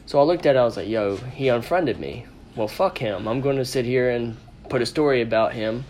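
A man's voice: medium pitch, brisk, a little mellow, slight background noise. A man hosting a casual podcast from a room with friends, telling a story in a blunt, rambling, profane way. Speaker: podcast host. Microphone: podcast microphone.

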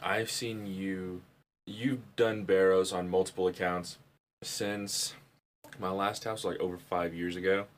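A man with a somewhat low voice co-hosts a casual podcast. He swears freely and spins his stories with animated energy. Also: a little slow. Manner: profane, animated storyteller. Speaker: podcast co-host. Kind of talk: casual chat.

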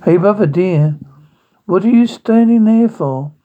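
A man's voice: sits high, expressive, a little slow, phone-quality sound, pitched above the performer's own voice. A man voicing dim-witted, lazy male pig brothers who sound dopey and whiny.

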